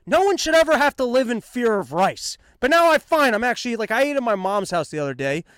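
A man's voice: very high voice, very animated, fast talker, a bit bright, no echo, studio quality. A man hosting a comedy podcast alone from his apartment, rambling through a self-mocking monologue and slipping into mock dialogue.

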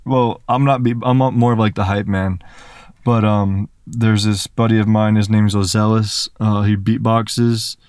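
A young man telling a story as a podcast guest, animated and full of "like" fillers. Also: on the low side, a little slow, clean tone, no room sound, clean studio sound. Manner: animated, filler-heavy retelling with lots of "like". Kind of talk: casual storytelling.

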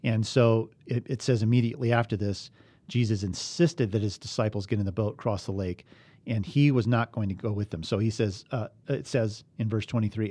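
A man's voice: on the low side, steady tone, brisk, mellow, dry recording. A man teaching a bible study, reading scripture aloud and asking his listeners earnest, emphatic questions.

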